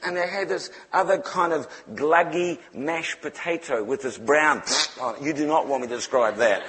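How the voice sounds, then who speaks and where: A man tells his testimony from the pulpit with animated, humorous storytelling. His voice sits a little high for a man. He moves between quiet, slow stretches and lively bursts. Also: a crowd in the background. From New Zealand. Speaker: preacher. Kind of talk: testimony sermon.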